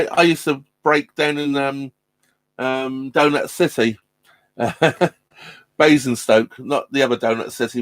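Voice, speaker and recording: A man with a mid-range voice chats with viewers on a casual live stream from his narrowboat. He rambles, restarts and says um a lot, laughing often as he talks. The recording is dry.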